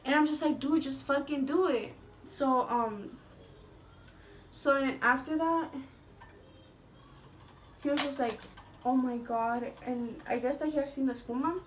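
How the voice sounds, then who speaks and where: A woman's voice: sits high, unhurried, pauses often, a little hiss or hum. A young woman telling a school story in a casual storytime vlog, chatty and swearing, with lots of "like". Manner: chatty, swearing, heavy use of "like".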